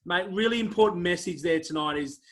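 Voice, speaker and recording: A man's voice: high-pitched, a little fast. A man hosting an interview show, talking casually and heaping praise on his guest with lots of fillers. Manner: effusive, warm praise, many fillers.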